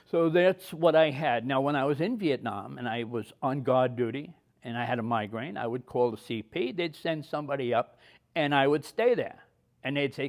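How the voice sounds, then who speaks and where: A man's voice: medium pitch, moderate pace. A man in his seventies, an army veteran, telling personal stories in a plain-spoken way. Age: 70s. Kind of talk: personal war storytelling.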